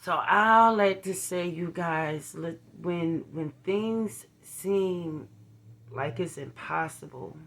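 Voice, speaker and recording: A woman's voice: fairly low pitch, takes it slowly, gravelly, a bit bright. A middle-aged woman, talking straight to her viewers in a casual vlog, earnest and blunt, often checking in with them. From Philadelphia. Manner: earnest, blunt, preachy, with frequent "you feel what I'm saying" asides. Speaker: vlogger. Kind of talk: casual direct-to-camera vlog.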